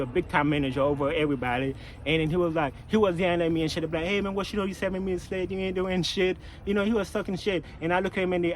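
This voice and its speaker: A man's voice: fairly high pitch, slight background noise, rough recording. A man telling work stories in a casual venting vlog, full of swearing and repeated phrases. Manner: profane, repetitive, animated storytelling. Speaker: vlogger, package handler.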